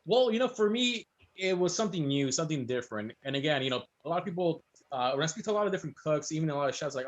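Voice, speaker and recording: A man speaking quickly in a slightly high voice, chatting casually as a guest chef. He tells lively stories and acts out the voices of people he quotes. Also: lo-fi sound. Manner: fast, storytelling, animated quotes. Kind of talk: casual chat.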